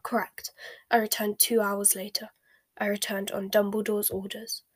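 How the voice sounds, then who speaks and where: A woman reading a calculating male dark wizard aloud in a soft, whispered storybook voice, with a smooth, measured manner. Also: mid-range voice, little pitch movement, dry recording, natural voice. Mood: cold.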